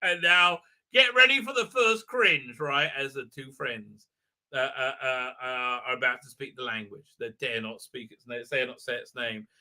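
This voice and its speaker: A man's voice: mid-range voice, moderate pace, bright, forceful tone. A man hosting a live stream, recapping an episode in a sarcastic, rambling way with many fillers. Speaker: host.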